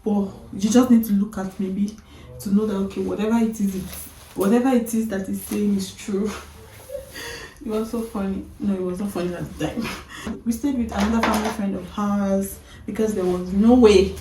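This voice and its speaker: A woman vlogger casually retelling a story, animated, often breaking into laughter. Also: mid-range voice, moderate pace, reverberant, far from the mic, slight background noise, low-quality recording.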